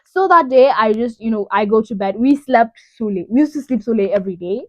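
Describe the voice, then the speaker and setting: A woman's voice: fairly high pitch, lively intonation, brisk, darkish tone, no echo, low-quality recording. A young woman from Kenya, telling a personal story in a rambling, casual way full of "you know". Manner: rambling, lots of "you know", emotional retelling. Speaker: vlogger.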